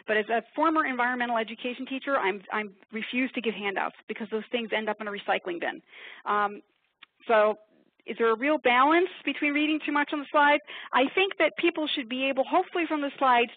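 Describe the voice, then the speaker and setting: A woman from upstate New York presenting a webinar, talking quickly in a chatty, self-deprecating way. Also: on the high side, no echo. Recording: tinny phone-like webinar audio.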